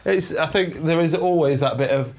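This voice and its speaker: A man's voice: on the high side, brisk. A man co-hosting a crude comedy podcast, talking bluntly and laughing through over-the-top complaints. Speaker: podcast co-host.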